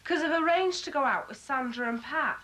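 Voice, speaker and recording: A woman's voice: sits high, fairly quick, bright, forceful tone. An actress playing a young woman who talks casually and turns defensive. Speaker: young fiancée. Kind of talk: TV drama acting.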